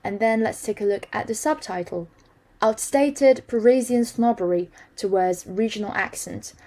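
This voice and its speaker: A woman at an ordinary middle pitch walks through a news article phrase by phrase. Her manner is explanatory and patient, and she moves easily into French. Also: moderate pace, mellow, low-quality recording. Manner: explanatory, switches into French with ease. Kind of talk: casual language lesson.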